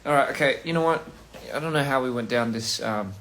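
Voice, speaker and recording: A man's voice: mid-range voice, brisk, fairly bright tone, echoey room. A man chatting casually on a phone livestream, rambling through goofy wordplay and laughing at his own jokes. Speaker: livestream host.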